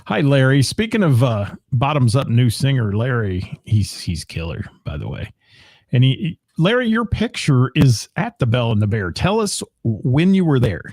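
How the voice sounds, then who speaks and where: A man's voice: mid-range voice, very animated, normal speed, a little mellow, dry recording, studio quality. A man hosting a casual local radio talk show, joking and teasing his co-host and reading out viewer comments. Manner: joking, teasing, laughs often. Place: live streamed radio show studio.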